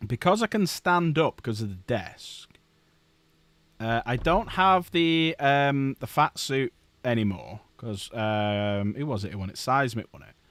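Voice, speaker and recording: A man's voice: mid-range voice, animated, measured pace, fairly bright tone, no room sound. A man hosting a casual live stream at his desk, joking, swearing and laughing often. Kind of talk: casual live-stream chat while building models.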